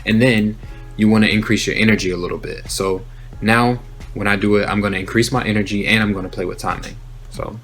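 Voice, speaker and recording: A man's voice: lowish voice, brisk. Laid-back man teaching rap, faint music. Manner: relaxed, conversational, demonstrates raps aloud. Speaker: rap tutorial host. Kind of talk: casual instructional talk.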